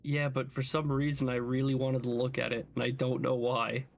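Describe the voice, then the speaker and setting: A man's voice: medium pitch, completely flat delivery, a little fast, creaky, a little hiss or hum. A man playing a tabletop game, chatting casually and playfully as he joins in the jokes. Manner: playful, giggly. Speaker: player.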